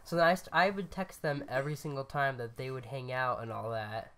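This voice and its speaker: A man's voice: medium pitch, fairly even intonation, fairly quick, a bit bright. A young man hosting a casual podcast chat, telling a story with jokes and laughs, quoting others. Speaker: podcast host.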